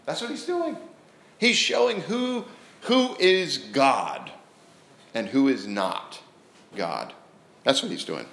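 A man preaching a sermon who acts out the scripture scenes in a lively way and often restarts his sentences. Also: medium pitch. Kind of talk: sermon with animated storytelling. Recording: roomy echo.

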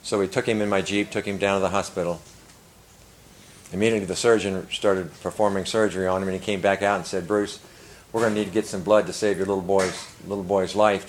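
An older man preaching, telling a story earnestly and rising to loud emphasis. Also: low voice, steady tone, fast talker, slight background noise, poor audio. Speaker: pastor. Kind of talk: sermon storytelling.

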